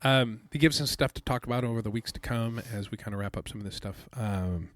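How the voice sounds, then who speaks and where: A man's voice: mid-range voice, brisk, dry recording. A man hosting a podcast in casual chat, laid-back and easygoing. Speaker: podcast host.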